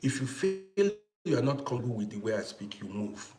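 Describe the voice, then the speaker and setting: Young male streamer. Forceful, preachy delivery. Mid pitch, roomy echo. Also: sing-song, brisk. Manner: forceful, preachy, thanks viewers for gifts. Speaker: live stream host. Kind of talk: casual livestream monologue.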